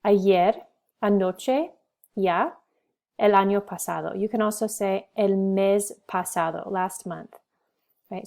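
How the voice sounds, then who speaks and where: A woman with a mellow, warm voice gives a classroom language lesson. She drills verb forms slowly and carefully, and moves back and forth between English and Spanish. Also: medium pitch. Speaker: Spanish teacher.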